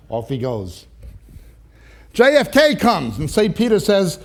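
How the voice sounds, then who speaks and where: A man preaching, telling jokes with animated timing and then reading scripture slowly and deliberately. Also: high-pitched. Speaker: pastor.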